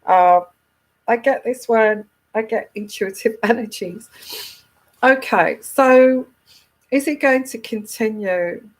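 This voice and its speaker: A woman's voice: a little high, takes it slowly. A woman tarot reader giving casual advice to a viewer, emphatic, often repeating herself and restarting her sentences.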